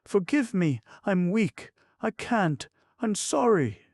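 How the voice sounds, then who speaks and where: A man voicing a wild, tipsy young woman who pleads in a high, breathless voice. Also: big pitch swings, takes it slowly, gravelly, no echo, exaggerated voice. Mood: faint, weak. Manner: breathless, imploring, high and strained.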